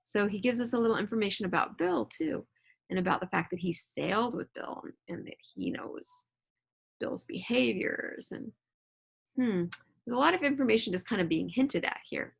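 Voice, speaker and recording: A woman's voice: mid-range voice, normal speed, vocal fry, breathy edge. A woman teacher reading a novel aloud at home and explaining it to her students in a casual, chatty way with frequent check-ins. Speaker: middle school teacher.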